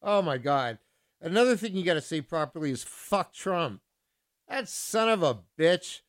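Male radio DJ, a bit higher-pitched, chatty between songs and then heated and indignant when he rants. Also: very animated, unhurried. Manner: ranting, indignant, repetitive. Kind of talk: casual radio DJ talk.

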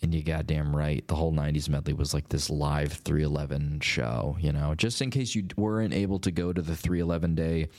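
A man's voice: very deep voice, brisk, few pauses, darkish tone. A man with a nasal voice hosting a radio show, rambling in a laid-back, chatty way as he wraps up the episode. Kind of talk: casual radio show outro.

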